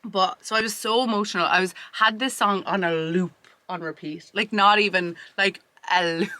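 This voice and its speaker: A woman's voice: mid-range voice, moderate pace. A young woman in her twenties, co-hosting a podcast and telling stories in casual chat. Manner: chatty storyteller, animated retelling. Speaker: podcast co-host.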